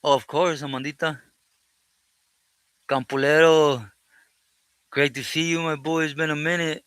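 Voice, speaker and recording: A man's voice: on the high side, level tone, measured pace, fairly bright tone, clear, resonant tone, no echo. A man hosting a live stream, greeting viewers by name, switching between English and Spanish and often thanking God. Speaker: livestream host reading chat. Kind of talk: casual live chat with viewers.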